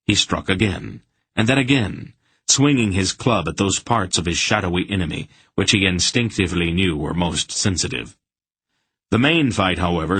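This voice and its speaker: A man narrating an audiobook in a steady storytelling manner. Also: low voice, breathy edge, dry recording. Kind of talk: scripted narration.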